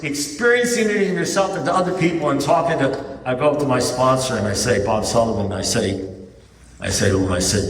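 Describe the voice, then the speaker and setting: A man's voice: mid-range voice, brisk, far from the mic. A man speaking at a recovery meeting, telling a story to an audience in a conversational way, often asking "you know what I mean?". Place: large meeting hall with an audience. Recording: echoey hall, mic heard from afar.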